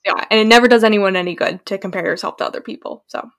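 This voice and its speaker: A woman's voice: mid-range voice, fast, a bit bright. Candid young woman podcast co-host. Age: 20s. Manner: candid, reflective, laughs often. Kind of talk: casual chat.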